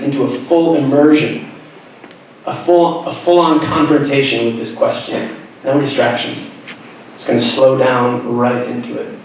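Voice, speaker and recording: A man's voice: mid-range voice, a little mellow, slight background noise. A young man, an author, telling a personal story to a school audience, earnest and reflective with self-deprecating humor. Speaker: author giving a school talk. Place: school auditorium. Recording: very echoey hall, voice from far off.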